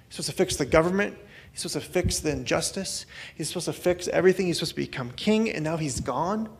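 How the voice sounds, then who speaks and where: A man preaching a conversational sermon as a pastor, swinging between loud outbursts and hushed asides. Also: a little high, lively intonation, quick pace, gravelly, breathy edge.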